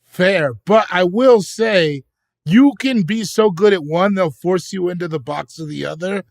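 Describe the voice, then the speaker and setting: A man's voice: high-pitched, measured pace, gravelly, dry recording, studio quality. A man co-hosting a podcast in casual banter, profane, playful and self-mocking. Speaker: podcast co-host.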